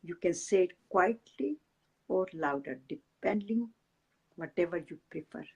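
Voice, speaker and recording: A woman teaching and leading a guided meditation, giving gentle step-by-step breathing instructions. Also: fairly low pitch, expressive, husky, dull audio. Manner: slow, gentle guiding instructions.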